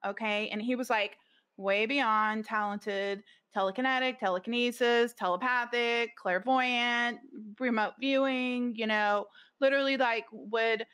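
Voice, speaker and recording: Chatty middle-aged woman, slightly high voice. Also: fairly even intonation, a little slow, fairly bright tone, clean tone. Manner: rambling, lots of "like" fillers and restarts. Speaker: podcast guest. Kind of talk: casual storytelling in conversation.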